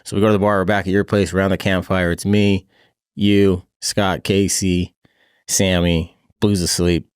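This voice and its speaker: A man's voice: low voice, flat delivery, normal speed, clear, resonant tone, no room sound, clean studio sound. A man hosting a podcast, chatting in a laid-back way and laughing often. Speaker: podcast host. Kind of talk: casual chat.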